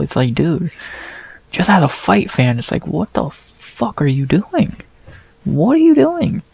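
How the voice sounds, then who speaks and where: A man's voice: mid-range voice, vocal fry, a little mellow, breathy edge, no echo. A man ranting and swearing through a casual recap of a fight, stammering and restarting as he goes, exasperated. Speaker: MMA recap host.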